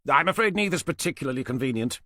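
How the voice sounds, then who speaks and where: A man's voice: mid-range voice, animated, quick pace, sharp tone, no echo, studio quality, pitched above the performer's own voice. A man reading an audiobook voices a disdainful, idle older man who talks in a sneering, mocking way.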